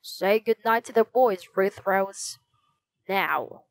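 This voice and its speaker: A woman's voice: medium pitch, takes it slowly, dry recording. A woman voicing a firm, no-nonsense father in a storybook reading. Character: firm father sending kids to bed.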